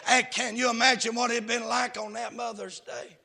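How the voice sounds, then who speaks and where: High, gravelly preacher man. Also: flat delivery, normal speed, few pauses. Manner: fervent, shouting preaching with sing-song cadence. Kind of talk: sermon.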